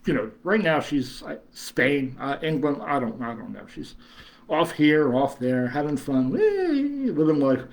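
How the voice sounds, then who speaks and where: A man's voice: medium pitch, measured pace, creaky. Rambling man, chatty host. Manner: rambling, chuckling, many fillers and restarts. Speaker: horror host reading live chat. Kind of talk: casual livestream chat.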